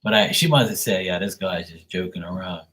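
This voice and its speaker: A man's voice: sits low, fairly quick, a bit bright, slightly rough, poor audio. A man hosting a live stream, telling loose, profane stories in casual chat and laughing at his own jokes.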